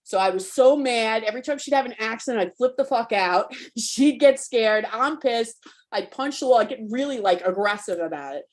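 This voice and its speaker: A woman's voice: on the high side, lively intonation, moderate pace. A woman coach giving a live online talk to parents, frank and spirited, cursing freely in a conversational, rallying way.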